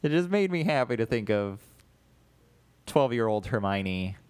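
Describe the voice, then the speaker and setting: A man trades jokes with his co-host in a relaxed comedy podcast. His voice moves lively up and down, and he keeps the tone playful and riffing. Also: mid-range voice, unhurried, smooth, dry recording. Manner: playful, animated, riffs with jokes. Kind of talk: casual comedic chat.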